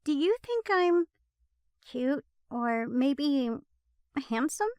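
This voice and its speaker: A teasing young adult newly in a man's body, voiced by a woman in an audio story. The voice is pitched high and swings widely, loud and pushy. It is dry and close. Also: lively intonation, drawn-out words, dry recording, highs cut off, exaggerated voice. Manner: playful, teasing, then shrill and pleading.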